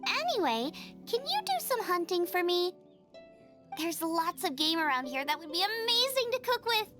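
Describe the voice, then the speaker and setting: A woman's voice: very high voice, sing-song, normal speed, over music. A woman voicing a cheerful, food-obsessed young female chef in a game. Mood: eager. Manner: bubbly, eager, food-obsessed.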